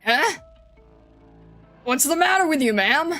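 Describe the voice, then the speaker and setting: A woman's voice: sits high, animated, slow, sharp tone, pitched above the performer's own voice, heavily acted. A woman voicing a wary, defensive middle-aged male farmer who talks in a blunt, grumbling way, over faint background music. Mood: alarmed.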